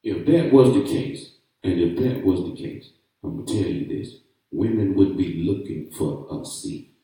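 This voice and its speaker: A man's voice: sits low, expressive, measured pace, gravelly, warm tone, distant mic. A man co-hosting a talk show, arguing in an emphatic, preachy, slangy way in a heated casual debate. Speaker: radio talk show co-host. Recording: echoey, off-mic room sound.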